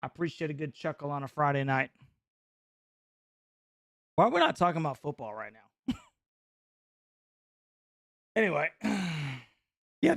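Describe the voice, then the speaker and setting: A middle-aged man from North Carolina hosting a casual live reaction stream, joking and mocking his chat with excitable banter. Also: a little high, gravelly, no room sound, clean studio sound.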